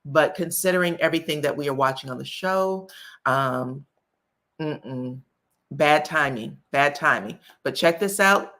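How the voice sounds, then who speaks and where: A woman with a low voice and a bright, forceful edge hosts a casual commentary channel. She talks straight to her viewers and keeps dropping in um fillers. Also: measured pace. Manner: chatty, frequent um fillers, addresses viewers directly. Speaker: host of a celebrity gossip channel.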